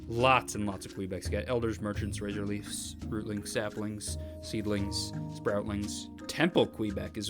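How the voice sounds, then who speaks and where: A man giving excited commentary over game footage as a video host, gushing with enthusiasm and often repeating words as he starts a thought. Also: on the low side.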